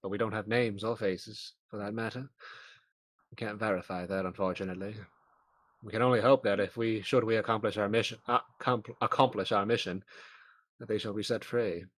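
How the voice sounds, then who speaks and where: A man's voice: on the low side, fairly even intonation, a little fast, a bit bright, no room sound. A man playing a tabletop horror game, talking in character with formal, old-fashioned phrasing. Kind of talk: in-character roleplay.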